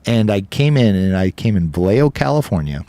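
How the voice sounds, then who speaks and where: A man's voice: fairly low pitch, lively intonation, brisk, warm tone, no room sound. A man guesting on a podcast interview, telling a long story in a casual, rambling way with the odd swear word. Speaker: podcast guest, business co-owner.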